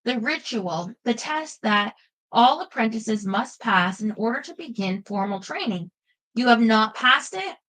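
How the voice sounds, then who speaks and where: A woman's voice: on the high side, lively intonation, a bit bright, poor audio. A woman voicing an elegant, formal Swedish woman mage with a Swedish accent in an audiobook. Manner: formal, unhurried.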